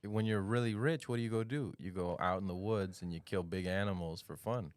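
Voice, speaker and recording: A man's voice: low voice, a little fast, crowd noise. A father chatting casually on a podcast in an easygoing way with dry humor.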